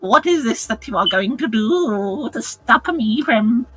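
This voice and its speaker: A player voicing a wicked old hag witch, with a shrill, melodramatic, British-accented voice. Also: animated, unhurried, a bit bright, faint music behind. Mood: taunting. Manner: squealing melodramatic overacting. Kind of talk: tabletop role-play.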